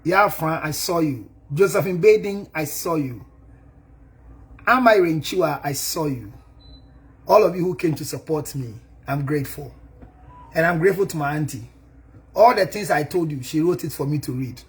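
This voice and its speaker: High-voiced emphatic man giving a speech. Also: moderate pace. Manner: emphatic, switches between languages, laughs at his own jokes. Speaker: counselor. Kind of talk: thank-you speech and advice talk.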